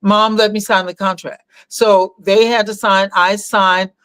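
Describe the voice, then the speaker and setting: An older woman, a guest on her son's show, tells a family story in casual conversation, animatedly acting out the voices of the people she quotes. Her mid-range voice is a little slow and clean, with no echo.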